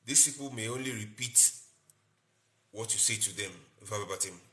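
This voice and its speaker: A man's voice: fairly low pitch, moderate pace, sharp tone. A man, a doctor hosting a live-stream health talk, explaining in short repeated phrases and greeting viewers by name.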